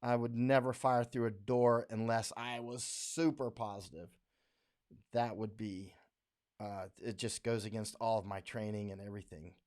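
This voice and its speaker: A man's voice: on the low side, fairly even intonation, normal speed, a little mellow. An American man hosting a casual livestream, reading viewer comments aloud on a studio microphone, talking bluntly and rambling, with frequent laughs. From United States. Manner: rambling, blunt, laughs often, mocking voices when quoting others.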